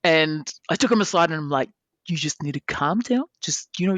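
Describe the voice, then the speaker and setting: Animated storytelling woman with a gravelly voice. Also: low-pitched, a little fast, dry recording, lo-fi sound. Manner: animated, swearing freely, acting out quoted people. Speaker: podcast guest. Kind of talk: casual storytelling.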